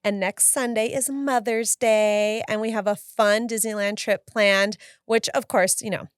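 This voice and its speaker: A woman's voice: mid-range voice, steady tone, measured pace, clear, resonant tone, no echo, studio quality. A woman in her forties co-hosting a live podcast in casual chat, bubbly and teasing, laughing often. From Southern California. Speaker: podcast co-host.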